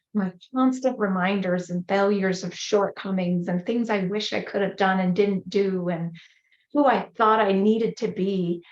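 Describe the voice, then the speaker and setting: Earnest woman telling a personal story. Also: mid-range voice. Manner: earnest, emotional retelling with acted-out quotes. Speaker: guest speaker. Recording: roomy, slightly dull audio.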